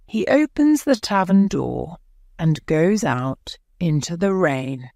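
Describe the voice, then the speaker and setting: Slow, careful woman reading an audiobook. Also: lowish voice, very animated, gravelly, darkish tone, dry recording, clean studio sound. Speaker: audiobook narrator. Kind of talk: scripted narration of a graded reader.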